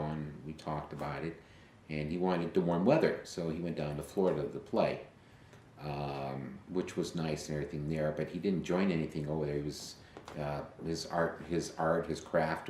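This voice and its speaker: A man, a fraternity alumnus and father, telling a story in an interview with halting fillers, growing animated as he retells conversations. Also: a bass voice, echoey room, a little hiss or hum.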